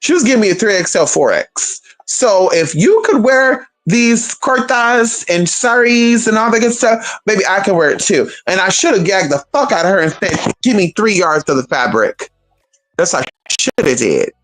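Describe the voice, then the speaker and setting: Sassy, lively woman dishing gossip. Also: medium pitch. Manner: sassy, profane, animated gossip with drawn-out pauses. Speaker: vlogger. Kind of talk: casual storytelling to viewers.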